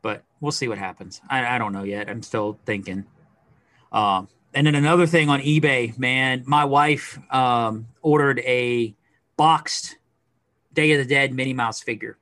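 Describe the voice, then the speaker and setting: A middle-aged man co-hosting a podcast, chatting casually in a rambling, animated way with lots of fillers. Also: mid-range voice, unhurried, no echo, studio quality. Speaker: podcast co-host. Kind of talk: casual chat.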